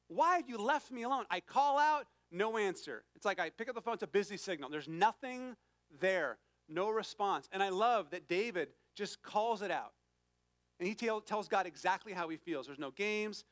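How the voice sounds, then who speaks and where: A man's voice: high-pitched, fairly bright tone, no echo. A man preaching a sermon to his congregation, earnest and conversational, reading scripture with emphasis. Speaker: pastor.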